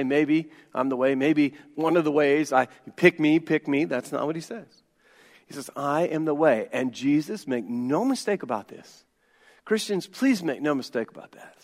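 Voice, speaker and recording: Emphatic high-voiced pastor in a reverberant hall. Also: male voice. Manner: emphatic, dropping to quiet intensity; humorous asides. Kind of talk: sermon.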